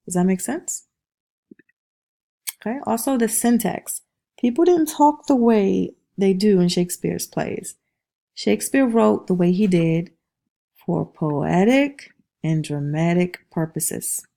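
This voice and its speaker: The speaker is a woman teaching a class, her voice mid-range, gravelly and warm, moving at a slow pace. She keeps checking in with "okay?" and taps out rhythms aloud.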